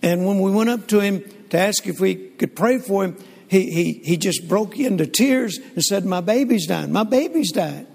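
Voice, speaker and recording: An older man, telling stories in a folksy, animated sermon with frequent restarts. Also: high-pitched, moderate pace, creaky. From Southern United States. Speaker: preacher. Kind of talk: sermon storytelling. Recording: long hall reverb.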